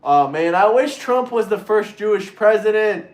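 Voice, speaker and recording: A man rants on his livestream, mocking and crude, pitch leaping up and down as he goes. He often slips into shrill, whiny impressions of his opponents. The sound is roomy and echoey. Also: expressive, moderate pace. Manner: mimics opponents in shrill voices. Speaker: livestream host reading super chats. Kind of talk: political livestream rant.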